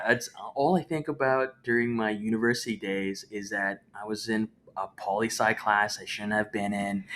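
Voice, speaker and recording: A man's voice: lowish voice, a bit bright, a little hiss or hum. A man in his twenties co-hosting a podcast in casual comedic chat, rambling and stumbling over restarts. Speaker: podcast co-host.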